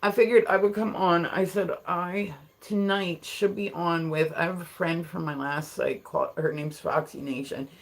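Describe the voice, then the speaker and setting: A young adult streamer from Delaware, talking loosely to a live chat, piling on fillers and laughing often. The voice sits at an ordinary middle pitch, with nothing unusual about its sound. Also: steady tone, moderate pace, vocal fry, hardly any pauses. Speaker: livestreamer.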